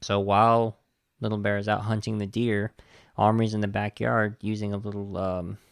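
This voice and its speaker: A man hosting a podcast, casually retelling a film plot in an animated, indignant way. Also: on the low side, normal speed, gravelly, no room sound, studio quality. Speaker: podcast host reviewing a film. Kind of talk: casual film review chat.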